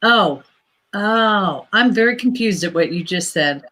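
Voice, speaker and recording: A woman's voice: medium pitch, expressive, a little slow, bright, forceful tone. A woman co-hosting a casual livestream on a video call. She chats, laughs often and sorts out tech trouble. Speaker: livestream co-host. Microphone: computer mic on a video call.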